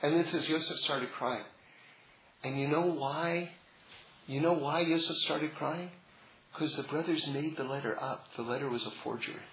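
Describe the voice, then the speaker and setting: Brief: high-pitched male Torah teacher, chatty then emphatic, roomy, dull lo-fi recording. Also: normal speed. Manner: conversational, builds to emphatic. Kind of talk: Torah class.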